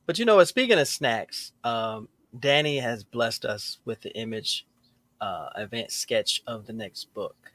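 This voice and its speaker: Animated joking man hosting a group chat. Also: medium pitch, measured pace, no echo. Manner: animated, joking, laughs often. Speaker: host. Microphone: video call.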